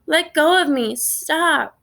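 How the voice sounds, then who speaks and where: A woman's voice: sits high, normal speed, pushed and bright, pitched above the performer's own voice. Woman doing a whiny scared little boy. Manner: whining and pleading.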